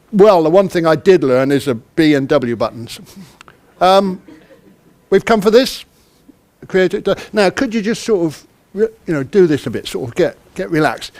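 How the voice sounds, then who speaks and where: A man from the UK gives an interactive talk to a conference hall, his darkish-toned voice pitched a little high for a man. His manner is chatty and self-deprecating, and he repeatedly questions the crowd.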